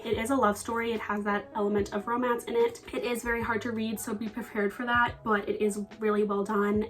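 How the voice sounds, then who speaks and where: A young woman chatting casually about books she has read, earnest and talkative, with small laughs and restarts. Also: medium pitch. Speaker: book vlogger. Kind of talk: casual book review chat.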